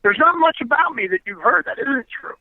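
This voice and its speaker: A man's voice: extremely high pitch, lively intonation, brisk, dry recording. A man, a former pro wrestler, telling stories in a blunt, profane, emphatic way as an interview guest over a phone line. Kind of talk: casual storytelling interview. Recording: tinny dry phone line.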